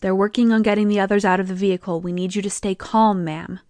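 A woman voicing a calm, reassuring male paramedic in an audiobook. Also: mid-range voice, fast, no room sound, natural voice. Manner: steady, reassuring.

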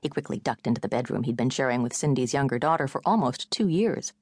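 Low-voiced woman reading a novel. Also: expressive, quick pace, a little mellow, husky, dry recording, studio quality. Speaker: audiobook narrator. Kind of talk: scripted narration.

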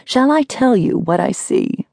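A woman narrator voicing an unhinged woman caller who mocks and threatens slowly, in a sinister tone. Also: mid-range voice, animated, vocal fry, a little mellow, no room sound, clean studio sound, exaggerated voice. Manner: mocking, slow and sinister.

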